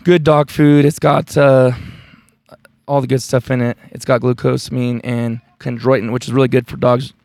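A man hosts a laid-back podcast chat, his voice a touch gravelly and close to the mic. He rambles easily, filling gaps with ums and uhs. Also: mid-range voice, moderate pace, no room sound. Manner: rambling, relaxed, with many fillers. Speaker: podcast host. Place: camping outdoors in the mountains.

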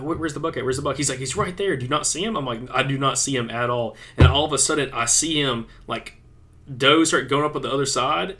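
Bright-voiced man telling a hunting story. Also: mid-range voice. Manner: animated, excited retelling with many "like" fillers. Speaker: podcast co-host.

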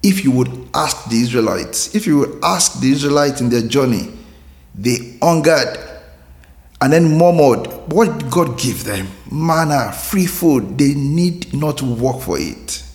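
A man's voice: medium pitch, expressive, measured pace. A man hosting a devotional, speaking earnestly and asking repeated questions. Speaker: devotional host. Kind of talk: slow devotional reflection. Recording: roomy reverb with soft music.

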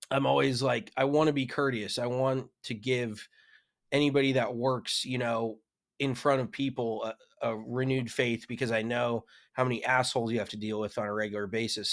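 A man's voice: mid-range voice, fairly bright tone. A young man co-hosting a podcast, ranting casually with frequent swearing. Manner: laid-back, profane ranting. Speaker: podcast co-host. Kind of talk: casual chat.

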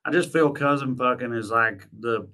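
Male co-host, rambling recap, bright edge. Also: mid-range voice, moderate pace. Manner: relaxed, rambling. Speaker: podcast co-host. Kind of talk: casual recap chat.

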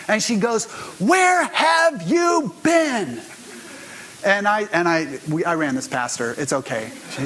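A man's voice: fairly high pitch, fairly bright tone, a little hiss or hum, low-quality recording. A man pastor giving a sermon in a conversational storytelling way, speaking straight to his congregation.

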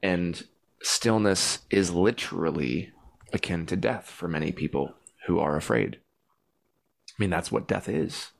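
A man in his forties speaks as a podcast guest, with a somewhat low voice. He talks earnestly and reflectively, leaning into heartfelt points and at times rising into loud pleading. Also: unhurried, gravelly. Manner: earnest, reflective, bursts into loud pleading when recounting prayers. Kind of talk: heartfelt conversation.

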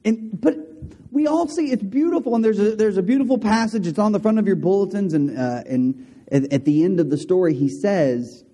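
A man's voice: high voice, brisk. Man preaching a conversational sermon. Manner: conversational, animated storytelling with asides to the congregation. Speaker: pastor.

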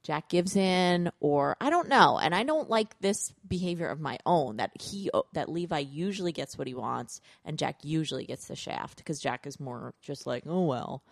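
A woman in her thirties talks through a family story in a relaxed podcast chat. Her pitch rises and falls all over the place as she acts out her kids, and her lower notes go gravelly. The sound is close and dry, with no room around it. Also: moderate pace, few pauses, no echo. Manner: animated storytelling, acts out kids' voices. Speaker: podcast co-host, parent. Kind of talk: casual chat.

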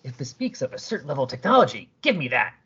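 A shapeshifting alien monster, hungry and coldly measured, as a man puts it on. The voice is husky and the sound is dull and lo-fi. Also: medium pitch, very animated, a bit bright, heavily acted. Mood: menacing. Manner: cold, measured menace.

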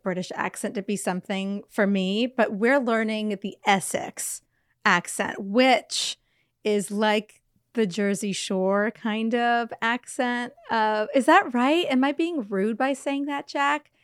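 A woman co-hosting a casual podcast, playful and teasing as she talks. Her voice sits a little high and is recorded dry and close. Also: takes it slowly, clean tone, dry recording. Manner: playful, teasing, laughs often. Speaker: podcast co-host. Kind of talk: casual chat.

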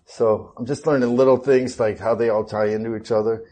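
A man's voice: lowish voice, steady tone, fairly quick, warm tone. Laid-back chatty man laughing easily. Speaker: guest, actor. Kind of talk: casual interview chat.

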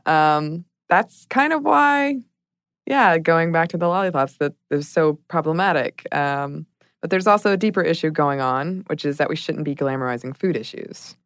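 A woman's voice: sits low, moderate pace, no room sound, studio quality. A woman co-hosting a podcast in casual chat, reflective and hedging, laughing often. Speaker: podcast co-host.

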